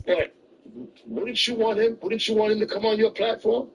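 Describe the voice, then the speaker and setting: A man's voice: high-pitched, fairly even intonation, moderate pace, creaky, muffled recording. A man arguing heatedly in a debate, pressing and repeating his questions. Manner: argumentative, repeats questions insistently. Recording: distant voice with faint background noise.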